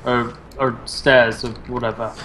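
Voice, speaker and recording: A man's voice: mid-range voice, level tone, unhurried, sharp tone, a little hiss or hum. A man playing in an online tabletop game, laid-back and casually swearing as he plans his moves. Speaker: player.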